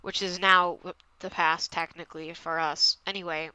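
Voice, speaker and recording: A young woman chats her way through a casual podcast recap, rambling and letting sentences trail off into mumbles, a little tipsy. Her voice is bright and crisp, sitting dry and close with no room sound. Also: lowish voice, flat delivery, moderate pace, dry recording, low-quality recording. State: slightly tipsy. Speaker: podcast co-host. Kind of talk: casual chat, recapping an episode.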